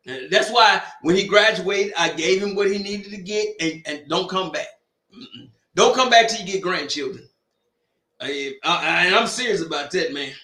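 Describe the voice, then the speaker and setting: A man in his forties hosting a watch-party stream, telling loud, joking stories in a casual, rambling way. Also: high voice, roomy sound. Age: 40s. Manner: loud, boisterous, joking, drawn-out tangents. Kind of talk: casual storytelling chat.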